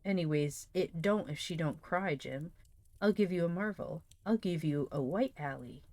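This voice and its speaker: A mischievous young boy coaxes and bargains, as a woman reads him aloud. His voice sits low for a child and sounds dry and close. Lively storybook reading with a persuasive edge. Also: normal speed, no echo. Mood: coaxing. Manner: coaxing, wheedling.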